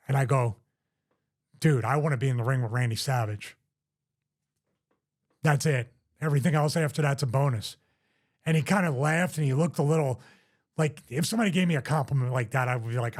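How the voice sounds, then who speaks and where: A man in his fifties hosts his own show, telling a story in a casual, animated, self-deprecating manner and rattling off quick quotes from others. His voice is on the high side.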